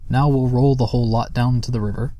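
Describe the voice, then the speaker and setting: A man's voice: medium pitch, fairly even intonation, fast talker, dark tone, no room sound, close to an everyday voice. A man voicing an earnest, thoughtful young troll boy in a storybook reading.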